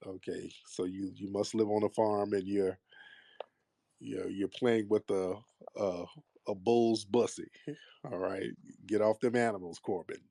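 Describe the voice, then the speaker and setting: A man's voice: lowish voice, fairly even intonation, measured pace, creaky, mellow, dry recording, studio quality. A man hosting a call-in talk show, blunt and combative, mocking his callers. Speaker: host.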